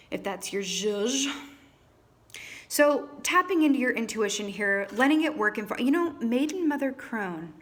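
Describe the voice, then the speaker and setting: A woman reading tarot cards to camera in a chatty, theatrical way, calling viewers honey and darlings. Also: medium pitch. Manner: theatrical, trained stage performer. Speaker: tarot reader.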